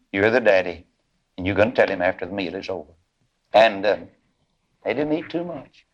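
A man's voice: fairly low pitch, muffled recording. A man, preaching a sermon in a folksy drawl, telling a story and voicing its people. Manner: folksy, drawling storyteller voicing characters, building to chanted, sung climaxes.

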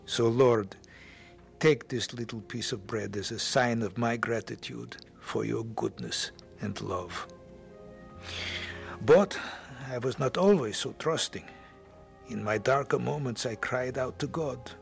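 Earnest gravelly male radio-drama narrator. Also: mid-range voice, expressive, slow, soft background music. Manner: earnest, heartfelt. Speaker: narrator and lead actor.

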